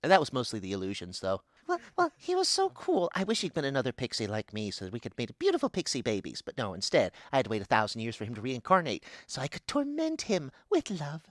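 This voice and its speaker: Man playing a scatterbrained female pixie goddess: gleeful, rambling, bright tone, wildly swinging pitch, dry sound. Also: huge pitch swings, fast talker, hardly any pauses, dry recording. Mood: giddy. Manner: rambling, giggly, swings between booming and squealing. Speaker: guest voice actor. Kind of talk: comedic improvised character interview.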